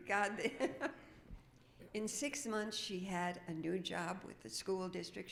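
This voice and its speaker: A woman's voice: mid-range voice, gravelly, roomy sound, a little hiss or hum. Woman minister telling stories in a sermon. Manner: chatty, storytelling, quick asides. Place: church sanctuary. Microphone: microphone with feedback.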